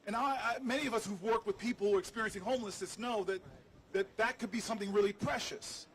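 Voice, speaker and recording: A man's voice: high-pitched, quick pace, rough recording. A man, a politician hosting a livestream, tells a humorous, self-deprecating story to a crowd outdoors. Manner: animated, jokey, self-deprecating. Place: outdoors on building steps.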